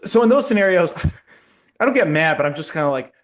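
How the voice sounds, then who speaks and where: A man who works as a pharmacist, co-hosting a podcast in casual chat, animated and quick to laugh. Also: high voice.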